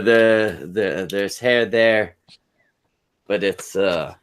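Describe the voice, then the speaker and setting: A man co-hosting a casual podcast from a home mic, trading crude jokes in a halting, deadpan way full of fillers and restarts. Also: lowish voice, clean tone. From Canada. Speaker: podcast co-host.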